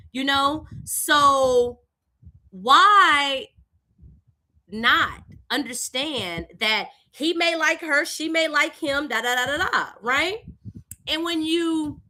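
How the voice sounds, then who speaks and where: A young woman from Louisiana with a Southern accent, hosting a live stream and telling a personal story in an animated, conversational way. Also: high-pitched, takes it slowly. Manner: animated, conversational, with lively voiced greetings. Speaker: host.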